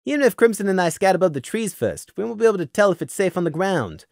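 A man voicing a firm male deer sergeant who talks in a brisk, commanding way. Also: high voice, big pitch swings, gravelly, darkish tone, no echo, studio quality, voice pushed up, exaggerated voice.

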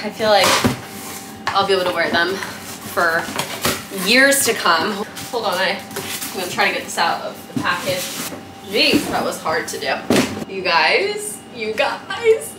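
A young woman vlogging casually from home, gushing and excitable, peppering her talk with "like". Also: mid-range voice, very noisy. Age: young adult. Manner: gushing, excitable, heavy use of "like". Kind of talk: casual vlog chat. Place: her apartment at night.

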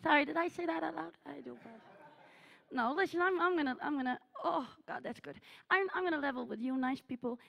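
Captured in dull audio, she talks fast in a high, creaky voice. Playing a melodramatic, attention-hungry aging diva on a theatre stage, this cabaret performer gushes and teases the crowd as live character comedy.

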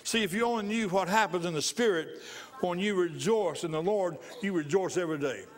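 A man's voice: high voice, a little fast. A male pastor preaching a sermon in church, repeating phrases for emphasis and bursting into laughter.

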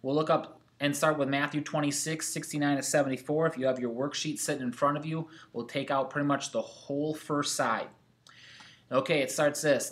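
Male teacher, plain mid-pitched voice, talks a class through a worksheet. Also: fairly even intonation, moderate pace, a bit bright. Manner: reads scripture aloud, numbering answers. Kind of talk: recorded classroom lesson.

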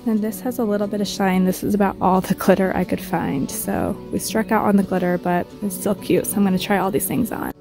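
A woman's voice: mid-range voice, fairly even intonation, a little fast, creaky, few pauses. A young woman, congested from a cold, chatting casually and upbeat as a thrift vlogger. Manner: chatty, upbeat, filler-heavy. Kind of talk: casual vlog chat. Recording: music playing behind the voice.

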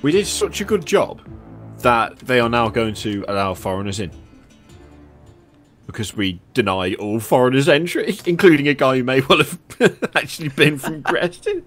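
A man's voice: medium pitch, big pitch swings, moderate pace, fairly bright tone, soft background music. A young British man co-hosting a let's play, making dry jokes and mock-stern remarks. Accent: British English. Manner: jokey, dry asides and mock stern lines. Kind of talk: casual gameplay chat.

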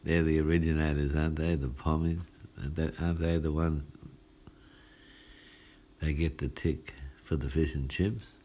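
A man's voice: a bass voice, level tone, normal speed, dark tone. A male pastor with an Australian accent, giving a casual midweek sermon in a folksy, chatty way and often asking "hey?". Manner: folksy and chatty, asks "hey?" often, laughs at his own lines.

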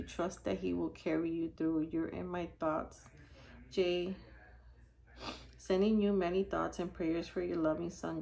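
A woman's voice: fairly low pitch, vocal fry, darkish tone, slight background noise, poor audio. A middle-aged woman opening gifts on camera for her vlog, gushing and exclaiming as she thanks her viewers. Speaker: YouTube channel host. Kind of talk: casual unboxing vlog.

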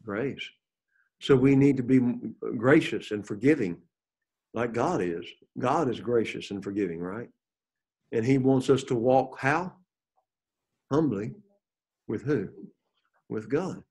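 A man's voice: medium pitch, takes it slowly, long pauses, darkish tone, breathy edge. A man teaching a Bible lesson to a class, reading scripture aloud and asking the group questions. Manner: asks the class questions, reads scripture aloud with rising emphasis.

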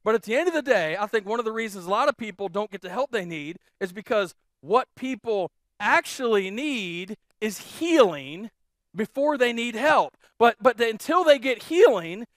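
A man preaching a sermon as pastor, telling stories in a lively way and repeating phrases for emphasis. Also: high voice, normal speed, dry recording, studio quality. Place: church.

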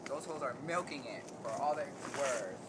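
Campy joking drag performer outdoors. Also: male voice, medium pitch, expressive, moderate pace, very noisy. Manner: campy, joking, playfully crude. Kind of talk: casual behind-the-scenes chat. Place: outdoors in the rain at a video shoot.

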